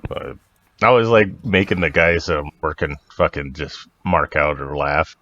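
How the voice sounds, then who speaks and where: A man's voice: very deep voice, a little slow, a bit bright, highs cut off. A man co-hosting a podcast in casual chat, laid-back and joking with plenty of swearing. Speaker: podcast co-host.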